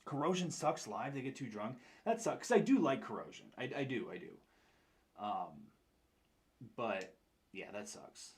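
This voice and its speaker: A young man with an upstate New York accent chats casually on a stream while painting miniatures, answering his chat in a rambling way. His medium-pitched voice is sing-song and measured in pace.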